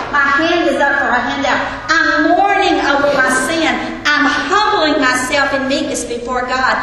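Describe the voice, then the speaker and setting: A woman's voice: sits high, pushed and bright, slight background noise. A woman teaching a Bible lesson to a group, earnest and putting questions to her listeners. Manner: earnest, asks the audience questions. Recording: echoey hall with long reverb, faint ambience.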